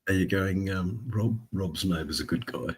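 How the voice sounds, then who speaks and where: A man's voice: low-pitched, normal speed, a little mellow, husky. A middle-aged Australian man co-hosting a casual livestream chat, rambling with lots of restarts and fillers. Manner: rambling, hesitant, full of restarts. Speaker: livestream co-host.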